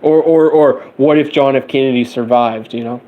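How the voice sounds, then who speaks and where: A man's voice: medium pitch, fairly even intonation, narrow, tinny audio. Tired, rambling man on a late-night stream. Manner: rambling, halting, loose and casual. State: tired and sleepy. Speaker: livestream host. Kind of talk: late-night livestream chat.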